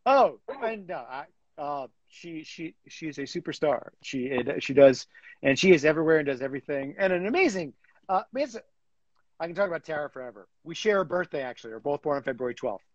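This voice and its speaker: Animated man with dull dry sound. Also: on the high side, brisk, dry recording. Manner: animated, lots of fillers and restarts. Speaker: guest, comic book writer. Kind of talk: casual interview chat.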